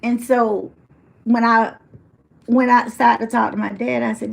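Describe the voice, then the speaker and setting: A motivational speaker tells a story from her own life. She has a fairly high, lively voice and slips into the voices of the people in the story. Now and then she turns aside to speak to someone in the audience. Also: a little slow, gravelly. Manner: animated storyteller acting out family quotes, addresses audience members. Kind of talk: personal storytelling speech.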